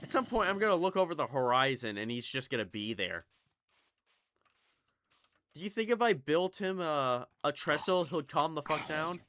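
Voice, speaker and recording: Lively chatty young man gaming. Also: a little high, moderate pace. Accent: slight Southern US (Kentucky). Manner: rambling, swearing, jumpy, chatty. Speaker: gaming YouTuber. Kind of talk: casual gameplay commentary.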